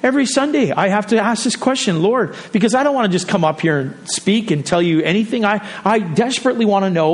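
High-voiced conversational male pastor. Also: lively intonation, fast talker, few pauses. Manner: conversational, self-interrupting, jokey asides. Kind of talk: sermon.

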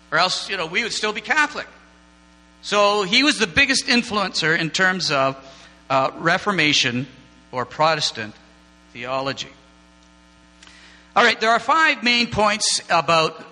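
A man leads an informal church lesson from slides, wandering into asides and light jokes with the group. His voice is a touch high for a man and cuts through crisply. A long hall reverb and a low electrical hum sit behind him. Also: bright, forceful tone. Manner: chatty, digressive, joking asides with the class. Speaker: church teacher. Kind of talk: informal classroom lecture with slides.

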